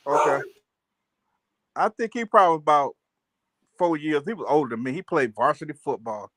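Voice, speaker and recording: A man casually telling childhood stories on a livestream, animated and laughing, full of slang. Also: on the high side, moderate pace, no room sound, clean studio sound. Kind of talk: casual storytelling chat.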